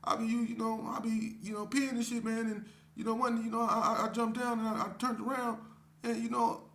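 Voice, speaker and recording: A man voicing a nervous young male prison cellmate who stammers and pleads in a high, strained voice. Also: level tone, fairly bright tone. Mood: pleading. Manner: halting, stammering, repeats "man". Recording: roomy echo.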